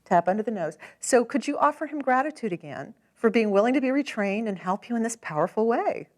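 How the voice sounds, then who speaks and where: Calm woman guiding a tapping session. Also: a little high, brisk. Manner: calm, gently directive, encouraging. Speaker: tapping practitioner.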